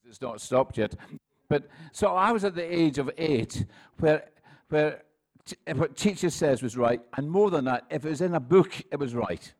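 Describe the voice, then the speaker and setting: A Scottish man in his sixties, a pastor preaching a relaxed sermon full of jokes, stories and quick restarts. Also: a little high. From Scotland. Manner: chatty, self-deprecating, with frequent laughs and restarts. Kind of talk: sermon with humorous anecdotes.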